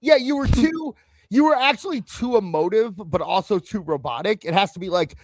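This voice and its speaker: A man's voice: moderate pace, no room sound. A man hosting a casual wrestling talk show, chatting and rambling with a co-host. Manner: animated, rambling, jumps in pitch. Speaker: podcast host.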